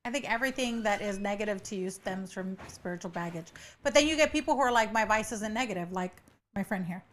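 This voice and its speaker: A woman's voice: medium pitch, fast. A woman appearing as a spiritual guest on a podcast, blunt and joking, swearing freely in casual chat.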